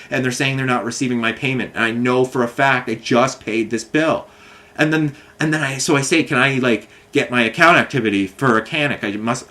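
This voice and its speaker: A man's voice: medium pitch, pushed and bright. A man telling a long complaint story in a casual monologue, rambling and frustrated, with many fillers and restarts. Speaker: vlogger.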